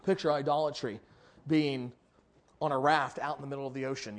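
A man preaching a sermon, acting out the people in the story and swinging from loud exclamations to hushed, drawn-out lines. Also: medium pitch, steady tone. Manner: dramatic, voices characters, swings from loud to hushed. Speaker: pastor.

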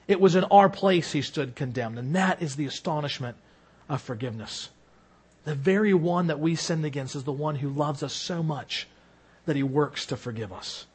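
Male pastor, middle-aged, high-pitched, preaching with rising and falling force. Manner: earnest preaching, swelling louder on key lines then dropping low. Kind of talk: sermon.

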